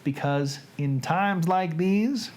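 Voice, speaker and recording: His voice sits on the high side with a darkish tone. A middle-aged livestream host with a Southern American accent, he chats casually and reads dramatically, stretching his words in a playful, folksy way.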